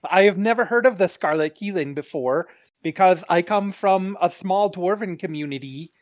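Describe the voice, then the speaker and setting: A woman's voice: lowish voice, normal speed, no echo, close to an everyday voice. Young male dwarf, a woman doing it, formal and polite, slight lisp, curious outsider, dry close sound. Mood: earnest. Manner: polite and formal, lisping "sip" for ship.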